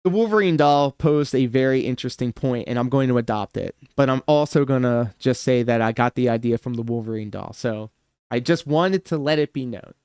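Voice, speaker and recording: A man hosting a livestream reaction show, commenting casually with sarcasm and sudden animated outbursts. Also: medium pitch, fairly quick, clean tone, no room sound, studio quality. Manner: animated, sarcastic, bursts into shouts and laughter.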